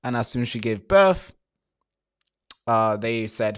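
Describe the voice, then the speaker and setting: A man's voice: fairly low pitch, expressive, slow, pauses often, clear, resonant tone. A man hosting a live stream with commentary, talking straight to his viewers, swearing freely and often repeating himself or restarting phrases.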